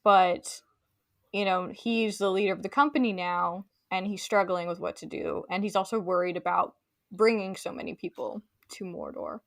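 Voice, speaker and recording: A woman's voice: medium pitch, sing-song, moderate pace, vocal fry, no room sound, clean studio sound. A woman co-hosting a casual book discussion podcast, chatty with many fillers and playful quoted voices. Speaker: podcast co-host.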